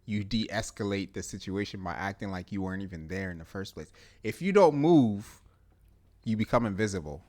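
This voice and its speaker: A man co-hosting a podcast in casual chat, talking in an animated, emphatic way and laughing often. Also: low-pitched, quick pace, hardly any pauses. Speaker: podcast co-host.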